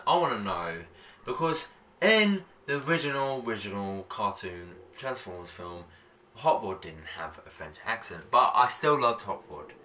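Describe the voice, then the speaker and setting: A man's voice: lowish voice, pushed and bright. A man giving a casual spoken film review, enthusiastic and rambling, with many fillers and restarts. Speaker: movie reviewer. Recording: voice a bit far from the mic, faint background noise.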